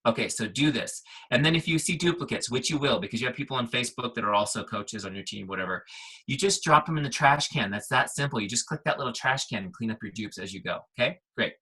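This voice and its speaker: A middle-aged man as a guest trainer, walking a team call through software in an upbeat, punchy way and checking in with listeners. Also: medium pitch, expressive, fast talker, slightly rough, rough recording.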